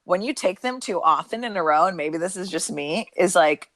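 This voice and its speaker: A woman podcast host chatting in a relaxed, conversational way with filler words over the phone. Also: fairly low pitch, normal speed, no echo. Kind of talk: casual chat.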